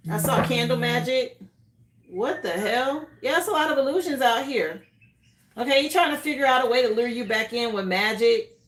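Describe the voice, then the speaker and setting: High-voiced woman reading tarot live. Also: fairly bright tone, reverberant. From grew up in Miami. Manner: casual, says "okay?" often, drawling. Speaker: tarot reader.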